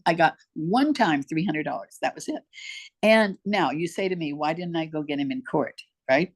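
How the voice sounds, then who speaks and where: An older woman telling her life story as an interview guest, emphatic and heartfelt, talking straight to the host. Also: on the low side. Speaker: podcast guest.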